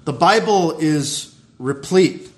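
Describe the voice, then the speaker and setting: A pastor with a notably high voice delivers a sermon. He drives each point home through repetition, building in emphasis as he addresses the congregation. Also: lively intonation, takes it slowly. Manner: emphatic preaching with repeated phrases and rising intensity.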